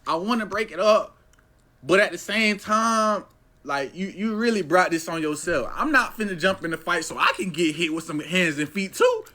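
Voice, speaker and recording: A man's voice: high-pitched, sing-song, normal speed, pushed and bright. A young man casually telling a story, with lots of slang, saying "bro" constantly and acting out what people said.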